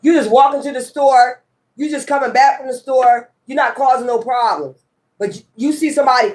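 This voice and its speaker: High-voiced woman ranting emphatically. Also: fairly quick, a little mellow. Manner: emphatic, profane and repetitive. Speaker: tarot reader. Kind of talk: casual ranting monologue.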